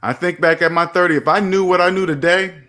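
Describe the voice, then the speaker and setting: A man's voice: high-pitched, fairly even intonation, brisk, pushed and bright. Preachy man lecturing himself on money. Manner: preachy, repeats himself, talks to himself by name. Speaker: personal finance video host. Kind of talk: motivational monologue to camera.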